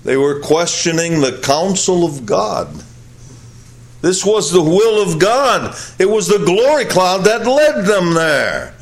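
A male pastor preaching a sermon, emphatic and repetitive, swinging between high loud peaks and low quiet drops. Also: sing-song, takes it slowly. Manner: emphatic, repeats phrases for weight.

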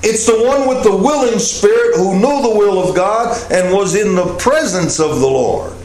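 A man with a high voice preaches a sermon, earnest and emphatic, leaning into key points with small "uh" pauses. The sound is roomy and echoey, with a faint hiss underneath. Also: expressive, darkish tone. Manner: earnest preaching with rising emphasis and frequent "uh" fillers. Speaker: pastor. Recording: echoey room with faint noise.

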